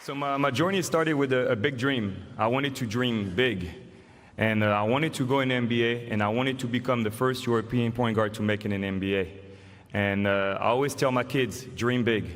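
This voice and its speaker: A man in his forties with a French accent, giving an acceptance speech in a casual, halting way with fillers. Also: medium pitch. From France. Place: large arena stage. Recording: long hall reverb, faint noise.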